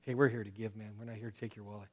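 A male pastor delivers a sermon in an easygoing, conversational way. He leans on casual asides and slang. His volume rises in bursts and then drops to near quiet. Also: fairly low pitch, level tone, very fast.

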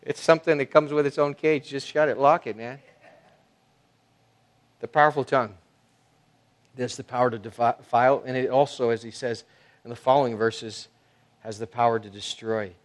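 A man preaching a sermon as pastor, talking conversationally with many fillers and restarts, swinging between soft asides and loud emphasis. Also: medium pitch, steady tone, normal speed, long pauses.

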